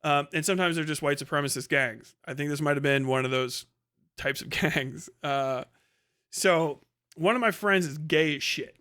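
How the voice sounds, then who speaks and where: A man's voice: a little high, moderate pace, sharp tone. A male livestream host telling a rambling, profane story in a casual way, with lots of filler words.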